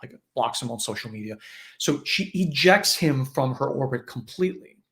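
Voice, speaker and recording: A man's voice: medium pitch, animated, moderate pace, a bit bright. A man giving a conversational spiritual teaching in a live online session, often acting out quoted voices.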